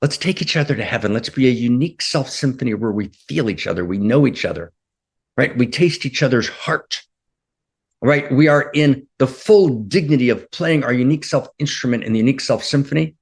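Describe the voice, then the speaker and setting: A man's voice: mid-range voice, lively intonation, a little fast, creaky, husky. A man leading a spiritual talk, impassioned and repeating his phrases, often checking in with "right?". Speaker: spiritual teacher.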